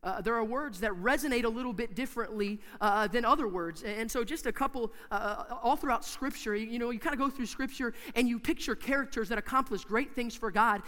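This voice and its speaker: A man preaching a sermon in a church, emphatic and repetitive, swinging from hushed to loud. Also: very high voice, brisk, few pauses, in a large hall.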